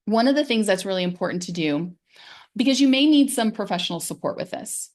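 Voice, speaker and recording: A middle-aged woman, a wellness coach, giving a casual, gentle and encouraging talk about pain, sometimes dropping into soft, soothing self-talk. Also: mid-range voice, animated, fairly quick. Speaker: physical therapist and wellness coach.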